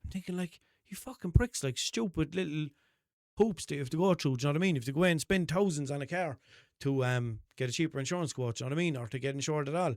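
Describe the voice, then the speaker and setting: A young Irish man hosting a podcast, telling a story in a casual, animated monologue, swearing freely and acting out both sides of a phone call. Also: fairly high pitch, fast, no room sound, clean studio sound. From Ireland. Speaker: podcast host.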